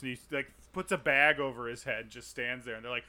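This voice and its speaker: A man chats on a podcast with a strikingly bright, tense-edged voice. He leaps into enthusiastic tangents and recounts sketches with gusto, and he is quick to poke fun at himself. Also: medium pitch, steady tone. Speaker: podcast co-host. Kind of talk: casual podcast chat.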